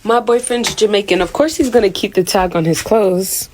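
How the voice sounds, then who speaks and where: A woman's voice: mid-range voice, moderate pace, a little mellow. A woman delivers a repeated comic list in a teasing voice. The room sounds echoey with faint noise behind. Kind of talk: list-style comedy skit.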